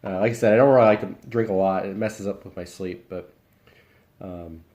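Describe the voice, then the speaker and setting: Young US male streamer, slightly low voice, loose casual delivery, talking with his mouth half full. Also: moderate pace. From Iowa, US. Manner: relaxed, rambling, talks while eating. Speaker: live streamer. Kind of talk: casual chat reading viewer comments.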